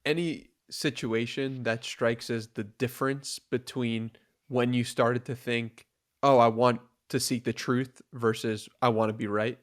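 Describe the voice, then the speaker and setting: A male podcast host at a middling pitch puts curious follow-up questions to his guest. He speaks in a measured way and pauses on small fillers while he gathers his thought. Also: fairly even intonation. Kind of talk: casual podcast interview.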